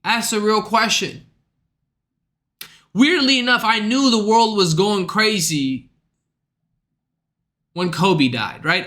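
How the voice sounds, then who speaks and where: A high-pitched man with a bright, sharp voice rants to his stream chat. He talks in a loose, profane, exasperated ramble. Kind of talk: casual ranting to chat.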